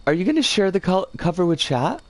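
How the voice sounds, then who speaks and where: With big pitch swings and a brisk pace, this mid-range voice belongs to a streamer building a level and chatting with viewers. They ramble, read out chat messages, and keep stumbling over words and correcting themselves.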